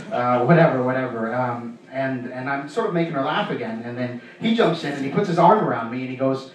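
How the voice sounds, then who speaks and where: A man's voice: medium pitch, lively intonation, heavy reverb, recorded from a distance, poor audio. A young man from Canada doing a stand-up comedy set on a club stage, rambling along with lots of fillers and restarts. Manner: rambling, halting delivery with many fillers and restarts.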